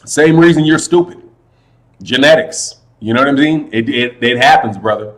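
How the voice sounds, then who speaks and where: A man hosting a casual boxing livestream, talking loudly and animatedly, constantly calling his listeners "man" and "brother", with a slight echo on the sound. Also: mid-range voice, normal speed. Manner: loud, animated, says "man" and "brother" a lot. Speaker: boxing channel host.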